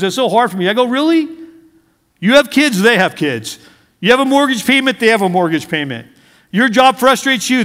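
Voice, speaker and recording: A man's voice: high-pitched, fairly bright tone, in a large hall. A middle-aged male pastor preaching a conversational sermon, asking his congregation questions and mixing in humor.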